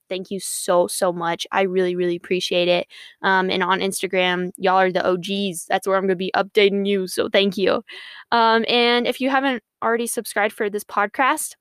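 A woman's voice: medium pitch, a bit bright, clear, resonant tone, dry recording, clean studio sound. A young woman hosting her faith podcast, talking in a bubbly, earnest, rambling way. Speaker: podcast host. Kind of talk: casual Christian podcast monologue.

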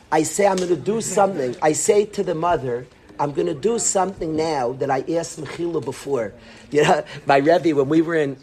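A man in his late twenties telling a lively story to students, acting out the people in it and dropping into whispers for quoted lines. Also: fairly high pitch, noisy background. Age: 20s. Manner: animated, acts out whispers and quotes. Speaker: yeshiva educator.

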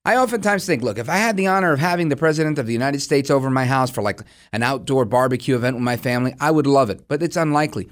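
A man's voice: mid-range voice, quick pace, few pauses. A man hosting a political talk show, giving combative, sarcastic opinion commentary.

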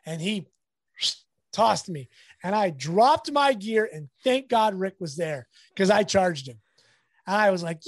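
A man's voice: high voice, a little slow, dry recording. A man, a sports photographer, telling stories in a casual interview and acting out the people he quotes. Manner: animated storyteller, acts out quotes.

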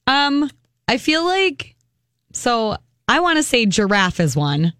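A woman's voice: on the high side, very animated, takes it slowly, fairly bright tone, clear, resonant tone, no room sound, clean studio sound. A woman co-hosting a radio show, giving short agreeing replies and guessing aloud at a trivia question.

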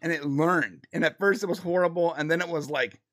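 Guy with a higher voice, animated casual chat, lots of restarts. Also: fairly quick. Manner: animated, restarts a lot, laughs. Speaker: co-host of a live pop culture show.

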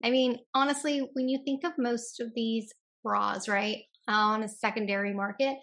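A young woman with a bright, crisp, fairly high voice, co-hosting a relaxed chat. She talks in a lively, chatty manner. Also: normal speed. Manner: lively, chatty, laughs often. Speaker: co-host. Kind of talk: casual chat.

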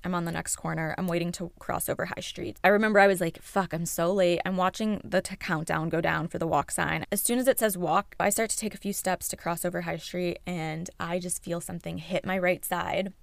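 A young woman with a low, gravelly voice tells her own story on her podcast. She speaks candidly, swears freely and acts out what she was thinking at the time. The sound is dry and close, with no room echo. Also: fairly even intonation, fairly quick, few pauses. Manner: candid, swears freely, relives moments in quoted thoughts. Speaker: podcast host. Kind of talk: personal storytelling.

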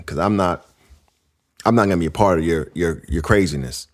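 A man hosting a casual comedy podcast who reads listener letters aloud, reacts with plenty of laughter, and keeps up an animated, joking delivery. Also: sits low, brisk. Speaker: podcast host.

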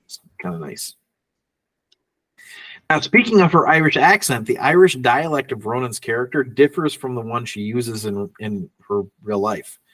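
A man's voice: medium pitch, expressive, moderate pace, a bit bright, far from the mic. A man co-hosting a casual film podcast, reading out trivia notes and laughing often. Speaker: podcast co-host.

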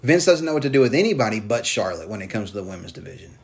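A man's voice: on the low side, sing-song, racing, vocal fry. A man co-hosting a casual podcast, ranting about wrestling and swearing freely. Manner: heated, swears freely, mocks wrestlers in put-on voices. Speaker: podcast co-host.

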